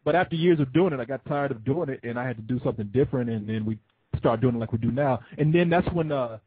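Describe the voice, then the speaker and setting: A man's voice: medium pitch, quick pace, slight background noise. A man hosting a call-in show, chatting loosely and joking with callers, swearing freely. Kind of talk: casual call-in chat. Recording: tinny phone-line sound.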